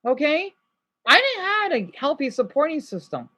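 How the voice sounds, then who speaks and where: A man's voice: very high voice, big pitch swings, moderate pace, sharp tone. Stressed man ranting at his viewers. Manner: agitated, rambling, swearing, apologizing. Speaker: vlogger. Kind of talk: unscripted emotional rant to viewers.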